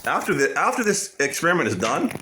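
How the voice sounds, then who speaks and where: A man's voice: fairly high pitch, very animated, fast, bright, forceful tone, roomy sound, slight background noise. A man rambling cheerfully through a casual home cooking vlog at his stove, restarting sentences often. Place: small home kitchen at the stove.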